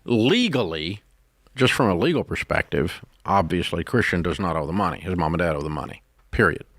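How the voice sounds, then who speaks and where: A man, hosting a call-in advice show, blunt and emphatic, his pitch climbing as he rants. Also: animated, brisk, a bit bright, no room sound, studio quality. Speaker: radio show host.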